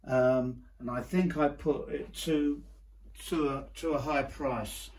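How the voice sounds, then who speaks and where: A man in casual chat to camera, showing his paintings with a hesitant manner and many pauses. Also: mid-range voice, fairly even intonation, a little mellow, a little hiss or hum, rough recording. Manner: hesitant, many ums and restarts.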